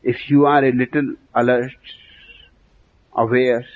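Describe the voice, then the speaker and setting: A man giving a spiritual talk, slow and emphatic, asking rhetorical questions. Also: medium pitch, level tone, narrow, tinny audio. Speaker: spiritual teacher. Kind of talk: lecture.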